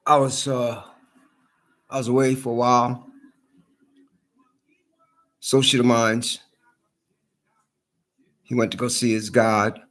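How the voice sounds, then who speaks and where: A man's voice: mid-range voice, little pitch movement, slow, pauses often, fairly bright tone. A man in an angry, heated rant to camera, swearing a lot and repeating himself. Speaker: vlogger.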